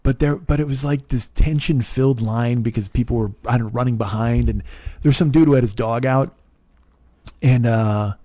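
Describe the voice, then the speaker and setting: A man in his forties, a comedian and podcast host, telling a profane, exasperated story monologue that swings into loud rants. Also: mid-range voice, moderate pace, dry recording. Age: 40s.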